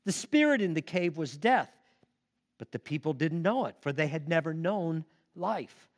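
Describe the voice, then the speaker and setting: A male preacher giving a sermon and telling a story with expressive emphasis. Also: on the high side, normal speed.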